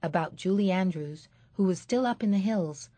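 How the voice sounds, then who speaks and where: A woman narrating an audiobook in a measured, steady storytelling manner. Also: lowish voice, no room sound. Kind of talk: scripted narration.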